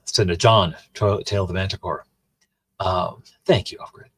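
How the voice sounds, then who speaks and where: A man's voice: low voice, steady tone, normal speed, fairly bright tone, a little hiss or hum. A man rambling in casual chat with his livestream viewers, full of restarts and asides. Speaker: streamer and host.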